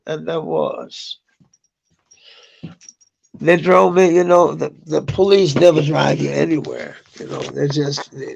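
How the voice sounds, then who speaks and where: A man's voice: a little high, gravelly, husky. A middle-aged man telling a personal story in a rambling, profane way, with bitter outbursts.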